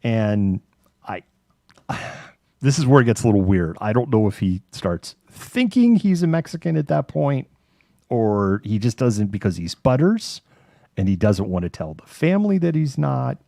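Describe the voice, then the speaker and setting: A man's voice: mid-range voice, very animated, normal speed, vocal fry, mellow, no room sound, clean studio sound. A man co-hosting a live online talk show, rambling casually and swearing as he retells a cartoon episode, putting on voices for the characters. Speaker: podcast co-host.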